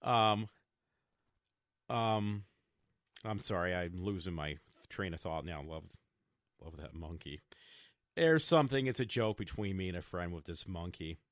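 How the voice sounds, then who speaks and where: A man in his fifties chats on his own podcast in a wandering, stop-start way, tripping over restarts and filling pauses with "um." His voice sits a little low. The sound is dry and close, with no room echo. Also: animated. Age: 50s. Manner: meandering, stop-start, many fillers and restarts. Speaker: podcast host. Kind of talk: rambling personal vlog.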